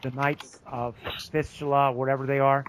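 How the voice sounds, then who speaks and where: A man's voice: mid-range voice, flat delivery, normal speed, fairly bright tone, slight background noise. A man narrating a tabletop game as game master, describing scenes with frequent restarts.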